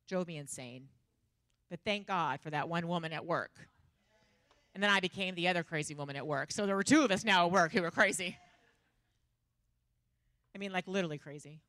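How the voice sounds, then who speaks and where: A woman's voice: lowish voice, normal speed, long pauses, dry recording, clean studio sound. A woman preaching a humorous sermon, telling stories animatedly and laughing often. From Texas. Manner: animated, self-mocking storytelling with frequent laughter.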